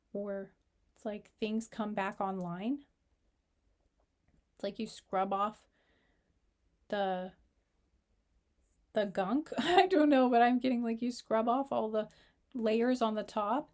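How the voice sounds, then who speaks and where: A woman giving a casual tarot reading, rambling and searching for words, at times speaking softly into a close microphone because her voice is fading. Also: mid-range voice. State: losing her voice. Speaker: tarot reader.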